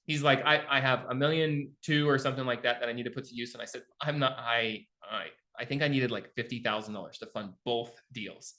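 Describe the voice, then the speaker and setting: A man's voice: medium pitch, bright, forceful tone. A middle-aged man coaching a live online class on real estate investing, telling stories and acting out both sides of his phone calls. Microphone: video call.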